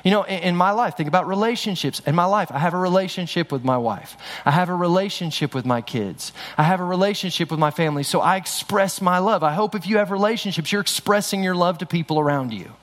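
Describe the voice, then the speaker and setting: A man's voice: sits high, fast, hardly any pauses, a bit bright. A middle-aged man preaching a sermon in a church, talking conversationally with frequent restarts. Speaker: pastor. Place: church sanctuary. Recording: long hall reverb.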